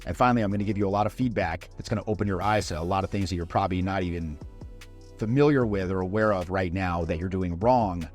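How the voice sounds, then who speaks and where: Lowish-voiced male social skills coach. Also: fast talker, a little mellow, faint music behind. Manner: conversational, often adds "right?" tag questions. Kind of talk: instructional talk to camera.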